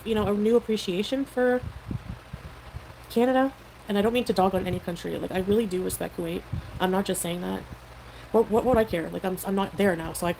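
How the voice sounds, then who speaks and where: In casual livestream talk, a woman rambles loosely, defends herself and relies heavily on fillers. Her voice sits at a middle pitch, with clear background noise running under the stream audio.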